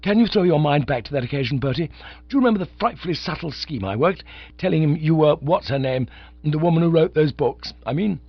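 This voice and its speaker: A man voicing a bumbling, lovesick young English gentleman who gushes and pleads, in a dull, dry recording. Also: on the high side, animated, fairly quick, no echo, pitched above the performer's own voice. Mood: eager pleading. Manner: gushing, pleading.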